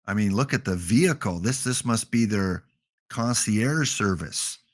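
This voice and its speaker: A man's voice: on the low side, expressive, a little slow. Jokey Canadian man streaming. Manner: jokey, rambling, playful asides. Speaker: gaming livestream host. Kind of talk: casual livestream chat.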